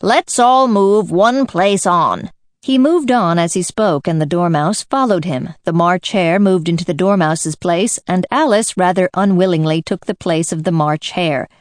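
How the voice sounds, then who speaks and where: A woman narrating a children's storybook in a steady, clear reading voice. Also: on the low side, moderate pace, hardly any pauses, no echo.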